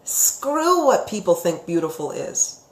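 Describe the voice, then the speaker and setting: A woman's voice: fairly low pitch, slow pace. Chatty woman in an echoey room. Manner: chatty and expressive, keeps asking "right?". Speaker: psychic teacher. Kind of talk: live-stream chat reading viewer comments. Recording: roomy echo.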